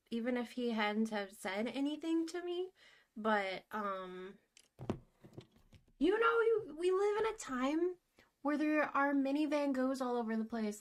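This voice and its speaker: A young woman vlogging as she paints, talking in a giddy, gushing, excitable way. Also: high-pitched. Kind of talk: casual vlog talk to camera.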